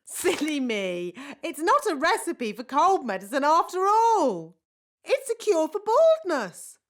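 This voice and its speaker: Nanny Plum, a fussy fairy nanny. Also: female voice, high-pitched, sing-song, a little slow, a bit bright, heavily acted. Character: bossy, scatterbrained fairy nanny.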